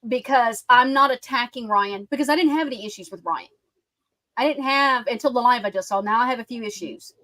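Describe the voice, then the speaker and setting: A woman's voice: a little high, fairly quick, fairly bright tone, no room sound, low-quality recording. A woman with a Southern US accent hosting a livestream, talking bluntly with heated profanity. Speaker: livestream host. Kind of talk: casual heated livestream chat.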